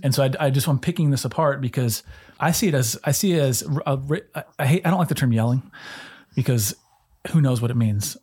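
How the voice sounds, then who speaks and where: A man co-hosting a casual faith podcast, calmly arguing his point and pushing back. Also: mid-range voice, husky. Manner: measured, argumentative pushback. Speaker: podcast co-host.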